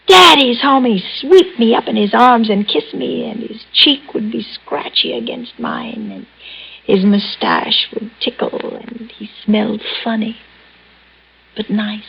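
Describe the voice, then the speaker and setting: A woman's voice: mid-range voice, creaky, slightly rough, full character voice. An actress in a 1950s radio drama playing a troubled woman patient who is bitterly in love with her psychiatrist. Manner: bitter, mocking, then pleading and sobbing. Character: unstable, lovesick woman patient in therapy. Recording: muffled old radio broadcast.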